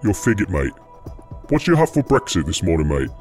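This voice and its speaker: A swaggering English gangster, as a man puts him on, spitting insults in a put-on English accent. His voice sits low, and faint music plays behind it. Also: sing-song, fast, a little mellow. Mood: aggressive. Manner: aggressive, swearing, taunting. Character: foul-mouthed English tough-guy gangster, adult man. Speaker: mystery gangster prank caller.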